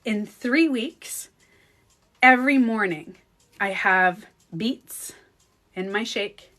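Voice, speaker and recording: A woman's voice: mid-range voice, slow, pushed and bright, faint music behind. A woman with a French Canadian accent, a native French speaker, telling a story in a casual vlog. She chats with her viewers and laughs often. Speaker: beauty coach vlogger.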